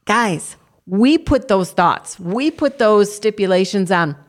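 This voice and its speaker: A woman's voice: mid-range voice, lively intonation, takes it slowly. A woman co-hosting a Christian talk show, preaching earnestly and leading a spoken prayer. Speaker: co-host.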